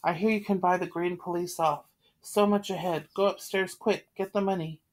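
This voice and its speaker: A woman reading the part of a fretful, excitable middle-aged wife who pleads anxiously. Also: lowish voice, moderate pace, lightly acted. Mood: frantic. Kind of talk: read-aloud play.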